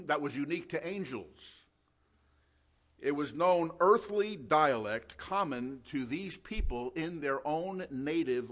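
A man preaching a sermon, reading verses slowly and asking his listeners questions before answering them. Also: a little high. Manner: teaching, reads scripture slowly, asks and answers questions.

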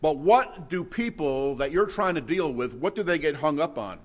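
A man preaching an expository sermon in an earnest, conversational way, sometimes clearing his throat. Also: a little high, lively intonation, moderate pace, hardly any pauses.

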